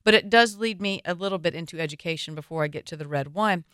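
Southern woman, wine radio host, chatty and opinionated, lowish smooth voice, dry close sound. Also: fast, a bit bright, no echo. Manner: chatty, opinionated, playful asides. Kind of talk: radio talk show.

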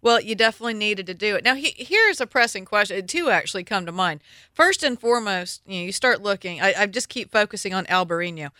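A woman's voice: mid-range voice, expressive, fast talker, pushed and bright, dry recording, clean studio sound. A woman hosting a radio interview, joking with her guest and asking pointed questions. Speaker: radio show host.

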